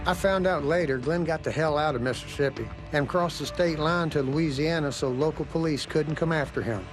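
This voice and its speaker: A man's voice: on the high side, brisk, poor audio. A man giving scripted documentary narration in a matter-of-fact storytelling manner. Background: loud music.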